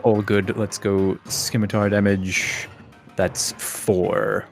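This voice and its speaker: An Australian man plays a tabletop game, chatting in a casual, upbeat way. His voice sits somewhat low. Faint music runs underneath. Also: flat delivery, takes it slowly. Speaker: player.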